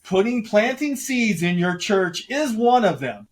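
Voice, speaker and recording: A man's voice: sits high, very animated, measured pace. A man hosting an interview podcast, reflecting aloud in a thoughtful, conversational way and posing rhetorical questions. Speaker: podcast host.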